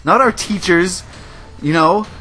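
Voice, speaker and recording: A man's voice: high voice, slow, bright, forceful tone, husky, faint music behind. A man hosting a gaming video, giving a passionate, emotional rant to his viewers. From United States. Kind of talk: ranting commentary over gameplay.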